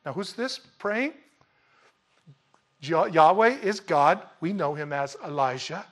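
Animated preacher, joking and dramatic. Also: male voice, fairly high pitch, slow pace. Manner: lively, joking, dramatic swings in loudness. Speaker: pastor. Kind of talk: sermon.

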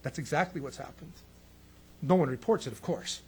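A man preaching a sermon on prophecy, animated and emphatic, with sarcastic asides. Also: a little high, normal speed, husky.

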